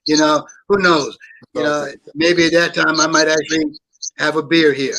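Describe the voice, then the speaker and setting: A man's voice: on the high side, little pitch movement, normal speed, pushed and bright, dry recording, low-quality recording. A man on a casual chat panel, talking loosely and leaning on fillers. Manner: loose, full of "you know" fillers.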